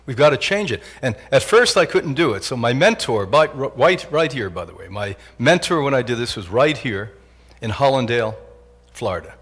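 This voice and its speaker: A man in his sixties giving a joking, animated motivational lecture to a live audience as a health institute director. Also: mid-range voice, normal speed, breathy edge. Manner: animated, joking, often laughs at his own lines.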